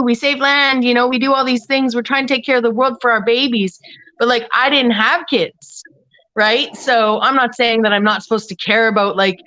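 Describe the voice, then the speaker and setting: A woman's voice: a little high, fairly bright tone, rough recording. A woman joining a casual livestream discussion as a panel guest, rambling and searching for words mid-thought.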